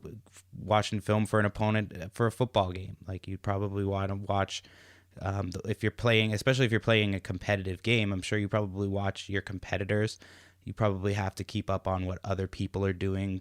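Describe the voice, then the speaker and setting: A man's voice: low voice, smooth, dry recording, studio quality. A man in his thirties hosting a podcast, asking questions hesitantly with frequent restarts. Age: 30s. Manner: hesitant, restarts often, many fillers while forming questions. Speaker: podcast host. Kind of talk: casual interview chat.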